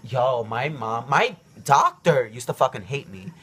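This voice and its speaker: A man's voice: mid-range voice, lively intonation, measured pace, sharp tone, slightly rough. A young man in his early twenties telling a personal story to his camera at home, rambling and emotional, with many ums and likes. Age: young adult. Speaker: vlogger.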